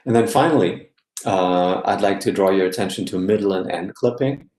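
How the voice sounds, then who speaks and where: A man's voice: deep voice, moderate pace, a little mellow, reverberant. A man giving an academic guest lecture, explaining step by step and often checking in with his listeners. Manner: explanatory, checks in with frequent "yeah?".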